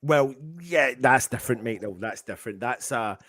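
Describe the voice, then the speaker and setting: A man's voice: medium pitch, normal speed, no echo. Overexcited man talking football, dry sound. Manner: excitable, stumbling over words, swearing. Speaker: fan channel host. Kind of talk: casual live fan chat.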